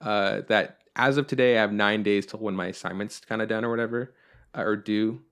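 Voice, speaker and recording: A young adult man hosts a podcast, chatting casually and rambling with plenty of swearing and filler words. His voice is on the low side, clean and fairly bright, with fairly even intonation and a brisk pace.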